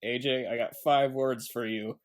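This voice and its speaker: A man's voice: mid-range voice, steady tone, moderate pace. A man co-hosting a movie podcast in casual chat, laughing often and quoting film lines. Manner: laughs often, quotes lines, loose and rambling. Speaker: podcast co-host.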